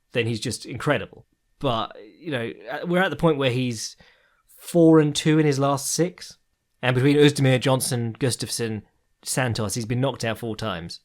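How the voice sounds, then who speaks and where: A podcast host with a mid-range male voice chats loosely through his commentary, his speech full of ums and restarts. He rambles on, swearing freely and laughing now and then.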